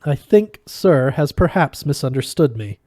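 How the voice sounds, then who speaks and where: A man's voice: mid-range voice, lively intonation, a little slow, mellow, dry recording, clean studio sound. A man voicing a small, wizened green alien waiter who is coldly polite and a little sarcastic. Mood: prim politeness. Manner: prim, over-polite, clipped.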